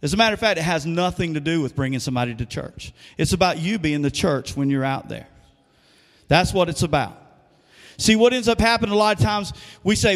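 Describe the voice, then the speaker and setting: A man's voice: high voice, animated, a little fast, in a large hall. A man preaching a sermon as pastor, conversational and asking the congregation questions. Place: church sanctuary.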